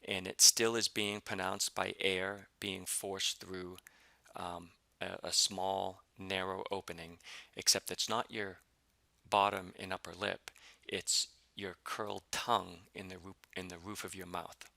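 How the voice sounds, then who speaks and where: A man teaching a pronunciation lesson, explaining patiently step by step with many fillers and repeating example syllables slowly. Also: deep voice, little pitch movement, vocal fry, bright, forceful tone, no echo. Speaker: language teacher.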